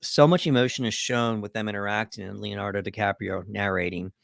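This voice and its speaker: Reading from his notes, this co-host recaps a film's plot casually with many fillers. He has a lowish, steady voice with vocal fry and a brisk delivery. It's clean studio sound with no room sound, in a casual film breakdown chat.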